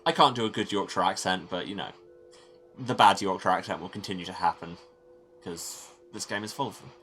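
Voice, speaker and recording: A man's voice: deep voice, brisk, pushed and bright, soft background music. A man with an English accent giving sardonic, rambling commentary while playing a video game. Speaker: let's play host. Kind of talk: let's play commentary.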